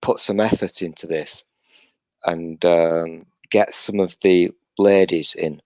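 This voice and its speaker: A man's voice: deep voice, steady tone, slow pace, a little mellow, no echo. A British man hosting a casual live-stream chat, joking in a self-deprecating way. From Britain. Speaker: podcast host.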